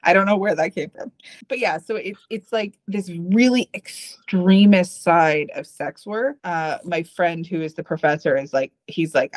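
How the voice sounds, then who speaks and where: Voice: mid-range voice, a little slow. A podcast co-host who reads a personal essay aloud and then chats casually, candid and profane, with rambling asides.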